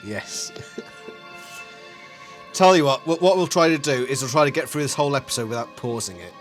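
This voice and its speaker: A man's voice: mid-range voice, moderate pace, faint music behind. An English man co-hosting a casual watch-along chat, teasing and swearing often. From England. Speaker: co-host.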